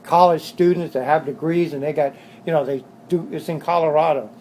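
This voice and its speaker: A middle-aged man with a Southern Californian accent, his voice sitting a little high, telling stories in a blunt, streetwise way and hammering his points with repetition. He talks casually in his motorcycle shop, with a faint ambient hum behind him. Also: fairly even intonation, fairly quick, darkish tone, poor audio. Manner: blunt, streetwise, repeats himself. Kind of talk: casual storytelling interview.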